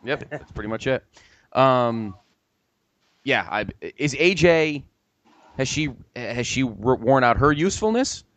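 A man's voice: medium pitch, measured pace, pauses often. A man hosting a casual podcast panel, playful and asking the others for their views. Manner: animated, playful, asks panelists questions. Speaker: podcast host.

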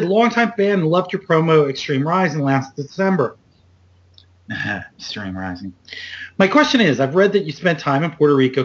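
A man hosting a podcast, telling wrestling road stories in a loose, animated way and acting out other people's lines. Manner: animated, loose storyteller, acts out quotes with big jumps up in pitch. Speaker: podcast host. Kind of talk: casual storytelling chat. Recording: dull lo-fi podcast audio.

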